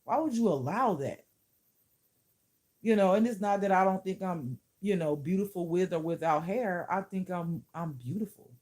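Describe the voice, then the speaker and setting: A woman's voice: fairly low pitch, moderate pace, hardly any pauses, dark tone. A woman who teaches spirituality, talking to camera in a casual vlog, blunt and profane, often laughing.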